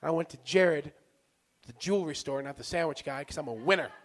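A man doing a stand-up set, self-deprecating, shifting from muttered asides to shouts. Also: a little high, brisk, background noise. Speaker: stand-up comedian.

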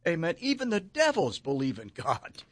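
A man speaks as a guest pastor on a Christian radio talk program, his pitch swinging widely as he preaches and tells stories. His delivery is emphatic and animated. The recording is dry and close-miked. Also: normal speed, no echo.

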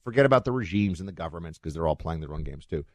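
A man holds forth as a talk show host, his voice sitting on the low side. The sound is dry and close, with no room in it. He rambles casually, circling back with fillers and restarts. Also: expressive, very fast, no room sound.

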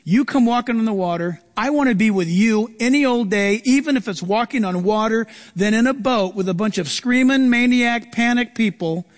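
High-voiced animated preacher in echoey hall. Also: male voice, normal speed, hardly any pauses. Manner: animated, acts out quoted voices. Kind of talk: sermon.

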